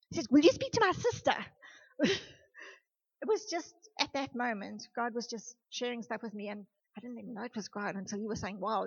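A woman leading a youth group, giving an animated sermon and speaking straight to the young people in a church room. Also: a little high, breathy edge. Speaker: youth leader. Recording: dull lo-fi recording.

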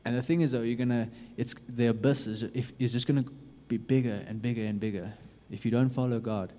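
A man preaching a sermon, earnestly urging his listeners with lots of repetition, swinging from loud to hushed. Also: mid-range voice, fairly even intonation, fairly quick. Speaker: youth preacher. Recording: long reverb of a hall.

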